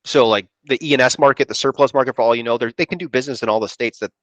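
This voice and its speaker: An insurance producer tells a rambling story on a podcast, imitating what people said to him in a casual, chatty way. His medium-pitched voice races along, and there's no echo.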